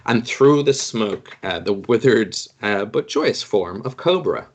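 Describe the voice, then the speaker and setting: A man's voice: on the low side, expressive, unhurried. A man running a tabletop game as game master, narrating in a meandering, hesitant way full of fillers.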